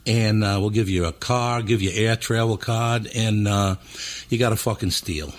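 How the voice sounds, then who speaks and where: A man putting on a Philadelphia accent to play a brash, profane male record executive with a high voice. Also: steady tone, moderate pace, natural voice. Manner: profane, blunt. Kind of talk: storytelling impression.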